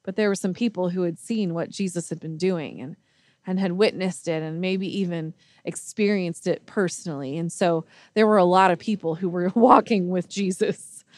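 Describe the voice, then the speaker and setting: A woman's voice: fairly low pitch, moderate pace, a little mellow, dry recording. A woman preaching a sermon in earnest storytelling style, with frequent restarts.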